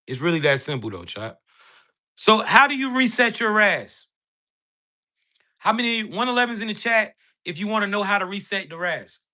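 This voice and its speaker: A livestream host with a high-pitched, bright, forceful voice swings widely in pitch at a normal speed. He motivates bluntly in street slang, swearing heavily and checking in with "right?" over and over.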